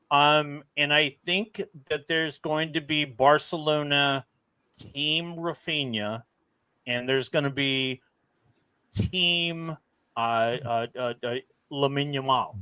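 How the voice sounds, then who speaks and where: A man's voice: fairly high pitch, pushed and bright, clean tone, dry recording. A man co-hosting a football fan show in casual talk, hesitant, with many ums and restarts. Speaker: co-host.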